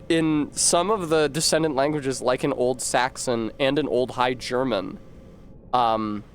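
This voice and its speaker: A man's voice: mid-range voice, a little hiss or hum. A man streaming a game, rambling to chat and reading word origins aloud with casual swearing.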